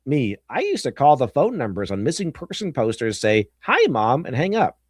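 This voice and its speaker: A man's voice: mid-range voice, sing-song, normal speed, breathy edge, no room sound, clean studio sound. Giggly man hosting a meme stream. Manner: giggly, goofy, slips into silly voices. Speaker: stream host. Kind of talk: casual livestream chat reacting to memes.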